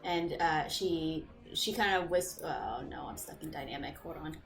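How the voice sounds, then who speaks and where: A woman narrating a tabletop game as game master, playful and quick to laugh, with quick asides. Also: low voice.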